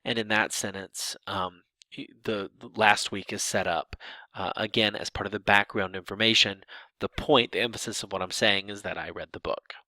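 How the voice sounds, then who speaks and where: A man explaining sign language grammar in a relaxed lecture, emphatic and lively, often restarting his phrases. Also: lowish voice, normal speed, no room sound. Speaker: ASL linguistics instructor.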